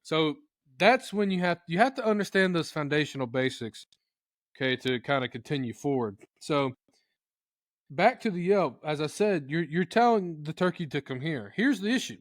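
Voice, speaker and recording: Man, higher-pitched, animated, casual how-to, turkey imitations, dry room. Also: moderate pace, no echo. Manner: animated, acts out turkey sounds in funny voices. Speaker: turkey calling expert guest.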